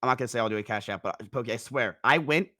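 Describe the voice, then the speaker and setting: A young man in casual chat, telling a long story in a rambling, animated way. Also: medium pitch, very fast. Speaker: guest storyteller.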